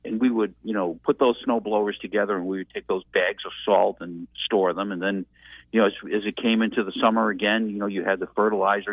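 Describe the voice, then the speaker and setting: A man's voice: on the low side, slightly rough, dry recording. A man, calling in and reminiscing in a rambling, reflective way. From Massachusetts. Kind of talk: casual reminiscing. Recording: tinny dry phone line.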